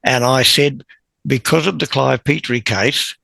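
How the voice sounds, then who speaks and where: A man, a podcast guest telling a long story in a lively, chuckling way. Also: medium pitch, a little slow, no room sound, low-quality recording. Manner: animated anecdote-teller who chuckles and clears his throat. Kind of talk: conversational storytelling.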